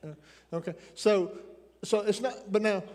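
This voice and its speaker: In a church sanctuary with long hall reverb, a sixty-something pastor with an Appalachian accent, hailing from the Tennessee mountains, delivers a folksy, joke-filled sermon that wanders into rambling asides. He talks a little slowly in a high, slightly mellow voice.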